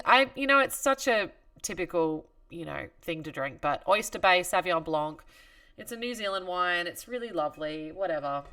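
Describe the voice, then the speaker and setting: A woman's voice: medium pitch, sharp tone, far from the mic. A woman hosting a livestream concert, chatting casually and greeting viewers by name as she reads their comments. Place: home studio.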